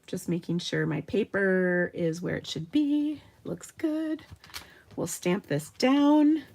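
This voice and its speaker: A woman's voice: medium pitch, slow pace, gravelly, a little mellow. A woman from Minnesota hosting a live card-making demonstration from her home craft room, chatting and laughing as she works. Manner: chatty, upbeat, laughs often. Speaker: card-making tutorial host.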